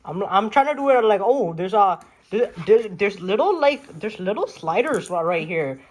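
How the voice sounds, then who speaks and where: A woman vlogging an unboxing at home, talking into a handheld camera in an excited, rambling, slangy way and laughing at herself. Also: medium pitch, normal speed. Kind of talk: casual unboxing vlog. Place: at home by a desk. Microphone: handheld camera mic.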